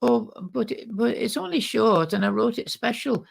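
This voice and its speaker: A woman's voice: on the high side, normal speed, gravelly, pitched above the performer's own voice. A man putting on a chatty, eager woman poet with a Manchester accent. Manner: apologetic, eager, breathless chatter.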